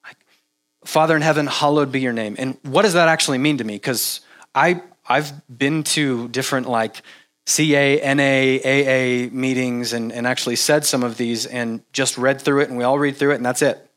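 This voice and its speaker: A man preaching a casual sermon, halting with restarts and fillers, animated when he mimics repetitive prayer. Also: mid-range voice. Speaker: pastor.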